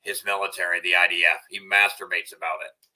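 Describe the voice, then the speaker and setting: A man commenting on clips in an angry, profane rant that now and then bursts into shouting. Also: deep voice, level tone, fast talker, poor audio. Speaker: video commentator.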